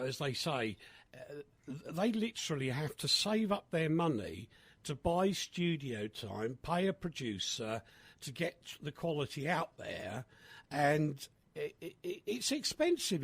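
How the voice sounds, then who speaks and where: A man hosting a casual radio chat, animated and chatty with many fillers. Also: a little high, unhurried, slightly rough, no room sound. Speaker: radio host.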